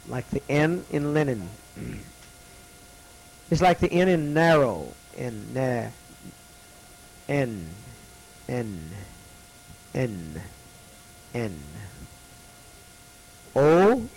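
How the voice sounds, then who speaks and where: A man teaching a classroom lesson, slowly repeating each letter's sound for students to copy. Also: medium pitch, sing-song, a little mellow, a little hiss or hum, low-quality recording.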